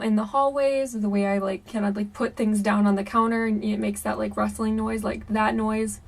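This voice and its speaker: Chatty young woman, mic a little far. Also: medium pitch. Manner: chatty, animated, many fillers like "um" and "like". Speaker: YouTuber. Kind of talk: casual storytelling to camera.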